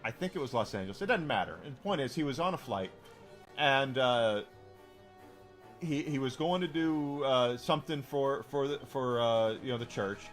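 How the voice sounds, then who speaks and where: A man's voice: mid-range voice, normal speed, soft background music. A man streaming a game and telling a long story in a rambling, casual way, full of restarts and fillers.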